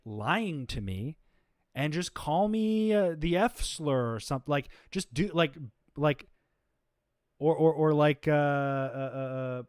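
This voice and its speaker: A man's voice: fairly high pitch, no room sound, studio quality. Exasperated man ranting on a livestream. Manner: exasperated, confrontational, many restarts and fillers. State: exhausted. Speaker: livestream host. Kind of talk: unscripted livestream rant.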